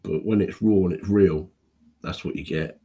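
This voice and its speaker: A tearful man in his fifties speaking a raw, halting personal monologue to camera, with pauses and restarts. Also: low-pitched, mellow, husky. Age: 50s. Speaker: video blogger.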